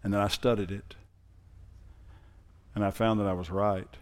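Man preaching a lively sermon. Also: lowish voice, normal speed. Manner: conversational preaching that builds in force. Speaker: pastor.

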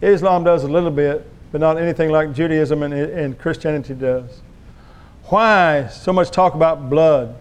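Emphatic pastor guy preaching, kinda high voice, smooth and clear. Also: normal speed. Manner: emphatic, preachy, calls the congregation to respond. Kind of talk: sermon.

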